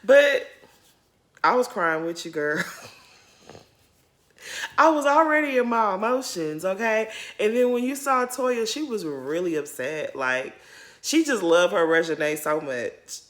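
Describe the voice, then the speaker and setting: This reality TV YouTuber speaks a little slowly in a medium-pitched, fairly bright voice with lively intonation. She casually recaps an episode to camera, addressing viewers as "y'all" and sharing her feelings openly.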